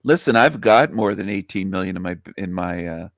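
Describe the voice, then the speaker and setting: A man's voice: low-pitched, expressive, moderate pace, dry recording, studio quality. A man on a panel teasing others with crude questions.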